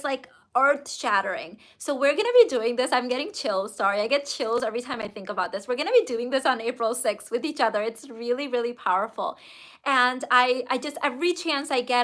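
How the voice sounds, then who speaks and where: A woman's voice: high-pitched, bright, forceful tone. A woman hosting a casual livestream as a business coach, answering viewer comments in an effusive, emphatic way with the odd swear word.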